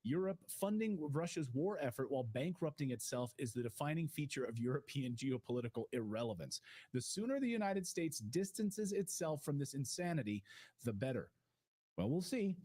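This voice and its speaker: A man hosting a news talk show, commenting and reading out posts in a relaxed, conversational way. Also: mid-range voice, normal speed. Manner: relaxed, talks with a co-host and reads out posts.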